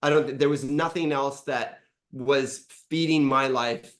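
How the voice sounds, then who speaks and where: With a medium-pitched voice and a slightly slow delivery, a middle-aged man gives an honest interview testimonial as a coaching client. He's spirited and swears a lot, reenacting conversations from before.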